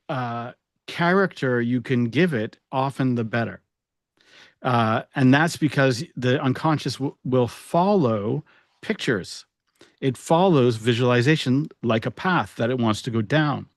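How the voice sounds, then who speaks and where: A man's voice: mid-range voice, lively intonation, a little slow, dry recording. Man hypnotherapist, dry close sound. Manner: joking, a few restarts. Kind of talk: casual podcast chat.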